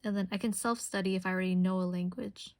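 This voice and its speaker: A woman's voice: mid-range voice, fairly even intonation, quick pace, no echo. A young woman streamer chatting casually and rambling while she crafts, answering her chat.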